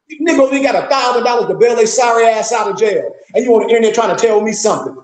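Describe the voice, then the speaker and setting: Blunt, scolding man with high voice. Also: quick pace, few pauses. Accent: African American Vernacular English. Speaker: temple leader. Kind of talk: fiery streetwise lecture. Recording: echoey room.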